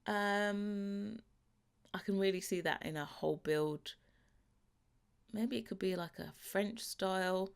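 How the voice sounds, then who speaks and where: A young woman with a London English accent chats away over her gameplay, rambling from one thought to the next and laughing often. Her voice is smooth and clear, and sits at an ordinary middle pitch. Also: slow, pauses often. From London, England. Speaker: gaming YouTuber. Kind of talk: casual chat over gameplay.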